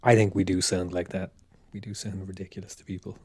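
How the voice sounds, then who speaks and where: A man's voice: deep voice, little pitch movement, a little fast, darkish tone, husky, no room sound. An Irish man co-hosting a podcast in casual chat, dropping dry teasing quips. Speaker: podcast co-host.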